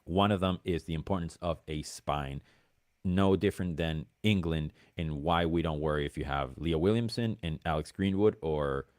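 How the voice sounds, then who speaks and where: A man's voice: low voice, normal speed, darkish tone, no room sound, studio quality. An American man talking football as a guest pundit on a video call, enthusiastic and self-deprecating. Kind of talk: casual football chat.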